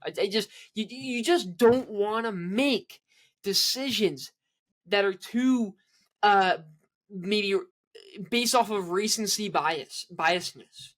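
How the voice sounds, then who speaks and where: A man's voice: high voice, slow pace, fairly bright tone. A man co-hosting a casual sports podcast, rambling with many restarts and fillers. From Canada. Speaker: podcast co-host.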